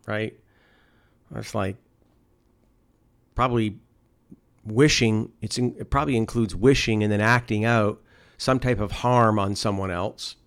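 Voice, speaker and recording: A man's voice: on the low side, fairly even intonation, measured pace, pauses often, smooth. A man preaching a conversational sermon, often adding "you know" and "okay?" as he talks.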